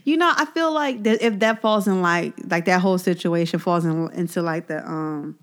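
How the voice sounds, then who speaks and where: A woman co-hosting a podcast in casual chat. She talks in a relaxed, candid way, with many fillers, and searches for her words. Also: on the low side, normal speed.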